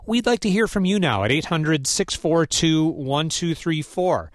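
A man hosts a public radio call-in show from a studio microphone. His voice sits a little high, and the room around him is completely dry. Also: lively intonation, unhurried, no room sound.

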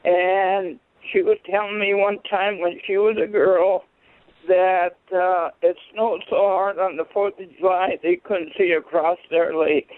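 A man caller with a rather high voice, telling a short anecdote plainly. His voice comes through a dry, tinny phone line with no room sound around it. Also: fairly even intonation, measured pace, dry recording. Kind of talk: phone-in call.

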